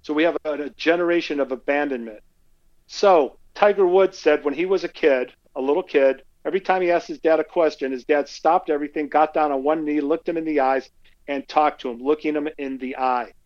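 A male podcast guest telling animated stories and acting out the quotes in them. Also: fairly high pitch, a little fast, lo-fi sound. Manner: animated anecdotes, acts out quotes. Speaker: guest speaker. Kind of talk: conversational storytelling.

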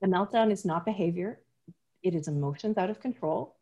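A woman's voice: on the low side, a little fast, dark tone. A woman speaking as a parenting guest in a casual interview, earnest and emphatic, often restarting her sentences.

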